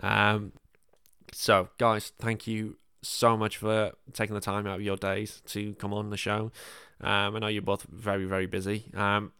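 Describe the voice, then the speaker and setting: A man's voice: fairly low pitch, a bit bright, clear, resonant tone, no echo, studio quality. A man with a northern English accent hosting a casual podcast chat, self-deprecating and full of ums. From northern England. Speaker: podcast host.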